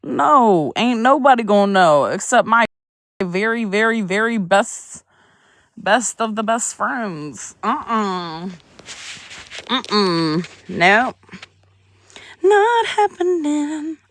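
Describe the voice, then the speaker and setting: A woman's voice: mid-range voice, slow, fairly bright tone, no echo, studio quality. A young woman hosting a casual livestream, chatting with viewers in a drawling, chatty way and humming to herself between remarks. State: pregnant. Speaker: livestream host.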